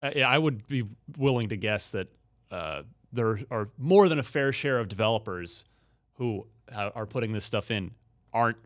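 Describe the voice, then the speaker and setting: A man hosting a casual gaming podcast panel, often pausing with fillers and restarting his sentences. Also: lowish voice, lively intonation. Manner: hesitant, hedging with fillers. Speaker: podcast host.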